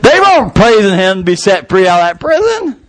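Male preacher, high voice, very lively delivery, storytelling sermon. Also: fairly quick. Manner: animated storytelling, acting out scenes.

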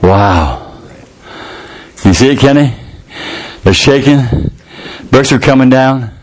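A man preaching a sermon, telling a scripture story with lively, acted-out scenes. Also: medium pitch, takes it slowly. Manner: animated storytelling, acting out scenes.

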